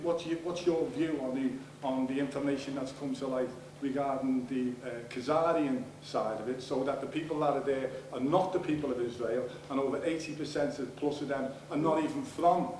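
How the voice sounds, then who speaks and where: A man with a Liverpool accent speaks up from the audience at a seminar, rambling and restarting, his voice pitched high and his speech getting loud and heated. He stands some way from the microphone, so the room's echo hangs around his words. A faint hum of room noise sits underneath. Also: far from the mic. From England. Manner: rambling, restarts often, grows loud and angry. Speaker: audience member asking a question. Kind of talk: heated question from the floor at a seminar.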